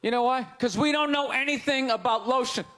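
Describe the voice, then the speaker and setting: A man doing stand-up comedy, ranting loudly and incredulously, shouting his punchlines to an audience on stage with a handheld mic. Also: extremely high pitch, a little fast. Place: large comedy venue on stage. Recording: live show with crowd laughter and noise. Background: audience laughing and groaning.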